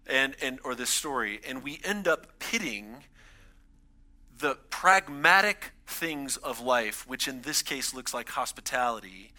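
A man in his thirties preaches a sermon with a very bright, forceful tone. He talks in a conversational way, pressing harder on his key points. His pitch sits in an ordinary middle range for a man. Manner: conversational preaching, builds emphasis on key lines. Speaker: pastor.

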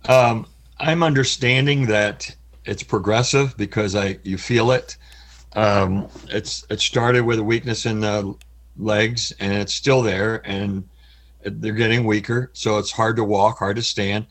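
Middle-aged male interview guest, low husky voice, halting and heartfelt, voice prone to cracking. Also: steady tone. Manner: halting, earnest, pauses often. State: voice cracks with emotion. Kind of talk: candid personal interview.

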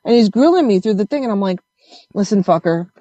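A woman telling a story in casual conversation, animated and swearing as she acts out what others said. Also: medium pitch, fast talker, dry recording, muffled recording.

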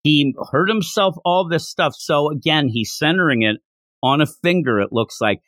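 A man's voice: a little high, normal speed, no room sound, studio quality. A man hosting a casual podcast, retelling a story with lots of animation. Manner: animated storytelling, acting out quotes. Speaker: podcast host. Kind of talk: casual manga discussion.

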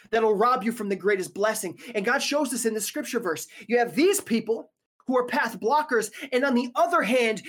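A woman preaching a casual sermon, talking conversationally with joking, slangy asides. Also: a little high.

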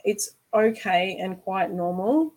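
A woman's voice: medium pitch, expressive, slow, a little mellow, rough recording. A woman hosting a candid conversation, earnest and reflective, often asking "right?". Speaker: host.

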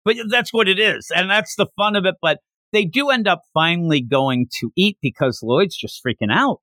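A man hosting a podcast, recapping a manga chapter in a casual, animated way and acting out the characters' lines. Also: high voice, moderate pace, dry recording, studio quality. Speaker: podcast host.

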